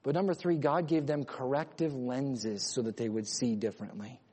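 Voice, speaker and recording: A man preaching a sermon with emphatic delivery, swinging between loud urgent lines and quiet low ones. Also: fairly even intonation, normal speed, slightly rough. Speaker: pastor. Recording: long hall reverb.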